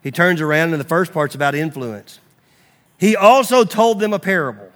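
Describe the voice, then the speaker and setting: A man preaching a sermon, animated and acting out quoted voices as he teaches from the Bible. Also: high-pitched, normal speed. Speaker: pastor.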